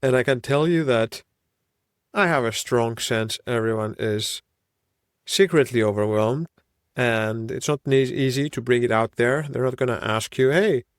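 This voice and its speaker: A man's voice: mid-range voice, measured pace, smooth, dry recording, clean studio sound. A man in his thirties with a Greek accent, hosting a solo podcast in a reflective, wandering way. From Greece. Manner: reflective, musing, wandering train of thought. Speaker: podcast host.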